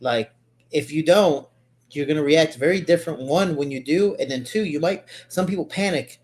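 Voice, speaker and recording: Slightly high-voiced man in casual chat. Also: moderate pace, a little mellow. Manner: loose, swears casually.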